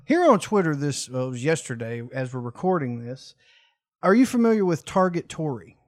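A man's voice: on the high side, very animated, normal speed, a little mellow, no room sound, clean studio sound. A man co-hosting a podcast, joking and telling a story in casual chat. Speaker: podcast co-host.

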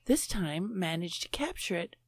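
A woman's voice: lowish voice, very animated, normal speed, no room sound. A woman on a comedic podcast panel, reading out odd news stories.

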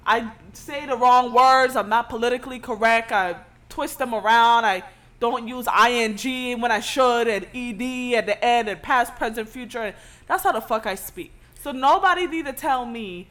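A woman co-hosting a podcast in casual chat, talking loudly and bluntly with a lot of cursing. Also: a little high, moderate pace. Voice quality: loud, blunt, profane. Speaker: podcast co-host.

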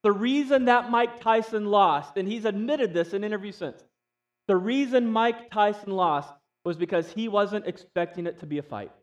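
A man's voice: high voice, normal speed, recorded from a distance. A man preaches a sermon in an easy, conversational manner. He turns to his listeners with frequent questions. His tone stays plain and direct. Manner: conversational, asks the audience questions. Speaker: pastor.

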